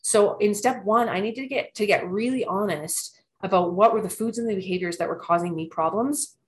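A woman's voice: medium pitch, a little fast. A woman in her thirties, telling her recovery story in an earnest, reflective way, often restarting her sentences. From Canada. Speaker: recovery program member sharing her story. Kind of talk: personal recovery testimony.

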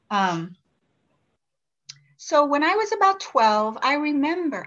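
A woman in her sixties gives an earnest, reflective personal share at a recovery meeting, often restarting and asking herself questions. Her mid-range voice has a fairly bright tone, heard through a dull lo-fi recording.

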